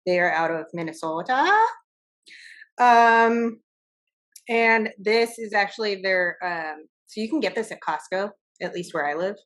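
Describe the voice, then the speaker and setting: A woman's voice: mid-range voice, a little slow, fairly bright tone. A young woman co-hosting a podcast in casual chat, chatty with frequent laughs and fillers. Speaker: podcast co-host.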